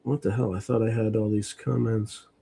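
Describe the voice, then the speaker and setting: A man's voice: lowish voice, little pitch movement, moderate pace, gravelly, warm tone, breathy edge. A middle-aged man hosting a livestream, chatting casually and muttering while he reads comments. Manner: rambling, muttering while reading chat. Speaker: livestream host.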